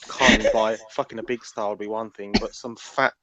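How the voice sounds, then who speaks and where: A man's voice: fairly low pitch, fairly even intonation, normal speed, pushed and bright. A man chatting on a boxing podcast, repeating words as he gets his sentences going. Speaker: podcast panelist. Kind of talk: casual podcast chat.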